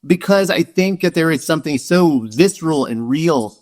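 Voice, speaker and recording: A man's voice: on the high side, animated, normal speed, darkish tone. Earnest, hesitant male podcast host. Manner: earnest, hesitant, full of fillers. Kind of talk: casual interview chat.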